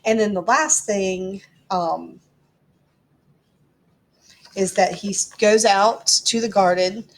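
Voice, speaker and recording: A woman teacher reading a storybook aloud and explaining it to her class in a chatty way. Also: mid-range voice. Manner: chatty, explanatory, frequent ums.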